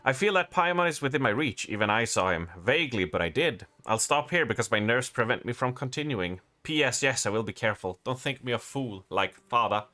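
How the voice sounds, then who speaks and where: A man's voice: mid-range voice, lively intonation, brisk, hardly any pauses, bright, forceful tone. A man streaming a game live, chatting with his viewers and reading the game's letters and notes aloud.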